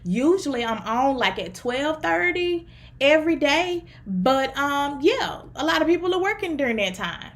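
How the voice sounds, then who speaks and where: A woman's voice: sits high, very animated, normal speed. A woman from the Southern US with a country twang, a therapist and relationship coach chatting to viewers on a livestream. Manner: chatty, upbeat, talks straight to viewers. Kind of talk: casual livestream talk.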